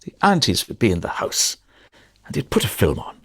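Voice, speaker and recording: A man's voice: lowish voice, huge pitch swings, brisk, fairly bright tone, husky. A middle-aged male comedian chatting as a podcast guest, telling rambling anecdotes and correcting himself often. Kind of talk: casual podcast chat.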